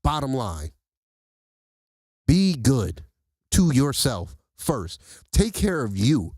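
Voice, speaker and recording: A man hosting a casual motivational talk, who speaks straight to his listeners in a lively, preachy way. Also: medium pitch, takes it slowly, dry recording. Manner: animated, preachy, addresses listeners directly as y'all. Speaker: host.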